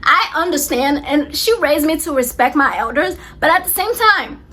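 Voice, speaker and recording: Animated, bright-voiced young woman. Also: high voice, moderate pace. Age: 20s. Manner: animated, emphatic retelling with many repeats. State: close to tears. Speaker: vlogger. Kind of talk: storytime vlog.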